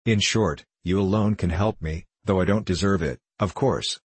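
A man's voice: sits low, normal speed, husky, no room sound. Man reading as a flustered nervous suitor. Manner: fretful, flustered, stumbling over words. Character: nervous 35-year-old male suitor, anxious and hypochondriac. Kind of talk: audiobook play reading.

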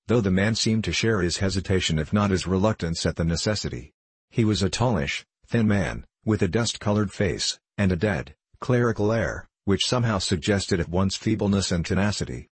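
A man reading a classic novel aloud as narrator, steady and measured. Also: deep voice, slightly rough, no room sound, poor audio. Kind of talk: audiobook reading.

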